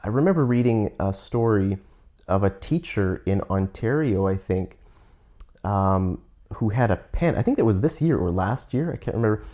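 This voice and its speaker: Lowish-voiced Canadian man, candid and halting. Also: lively intonation, mellow. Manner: candid, halting, explains words for learners. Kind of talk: casual monologue.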